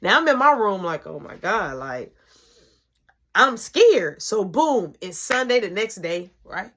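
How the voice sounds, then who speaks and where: A woman narrating a story from her own life in a lively, slang-heavy, profane voice. Her speaking voice sits a little higher than most women's. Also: a little slow.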